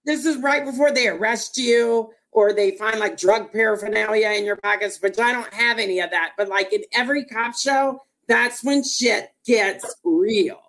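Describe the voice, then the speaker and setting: Female host, chatty storyteller, self-deprecating and animated. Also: fairly high pitch, normal speed, few pauses. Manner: animated, rambling, self-mocking. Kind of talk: casual storytelling.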